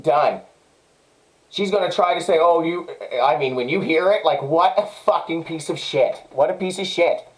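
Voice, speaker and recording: A vlogger with a Canadian accent and a slightly high voice delivers an angry, profane personal monologue at normal speed. He sounds agitated and keeps repeating himself, and the recording is of low quality.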